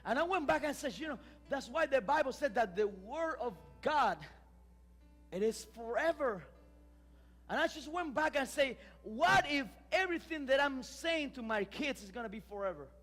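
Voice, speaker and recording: A male pastor, preaching a lively sermon full of restarts and emphatic rises. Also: very high voice, moderate pace, long reverb tail, faint music behind. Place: church sanctuary.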